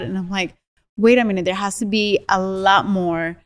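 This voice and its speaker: A woman's voice: medium pitch, normal speed, clear, resonant tone, long reverb tail. A woman podcast co-host chatting in an open, friendly way and laughing easily. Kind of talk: casual podcast conversation.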